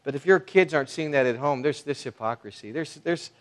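A man preaching a sermon as pastor, talking conversationally with many fillers and restarts, swinging between soft asides and loud emphasis. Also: fairly high pitch, brisk.

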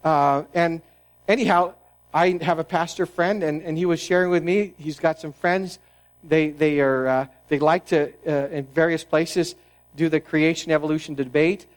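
Male pastor, fairly high voice, earnest sermon delivery, falls quiet for emphasis. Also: steady tone, normal speed, rough recording. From New England, United States. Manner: earnest preaching with restarts and sudden drops to a hushed tone.

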